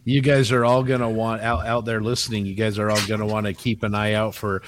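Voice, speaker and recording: A man in a casual group chat, talking hesitantly with many pauses. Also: lowish voice, level tone, slight background noise.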